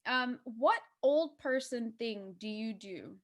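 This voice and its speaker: A woman's voice: fairly high pitch, slow, fairly bright tone. A woman hosting a casual interview, bubbly and giggly, with lots of "like" fillers. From Canada. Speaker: interview host.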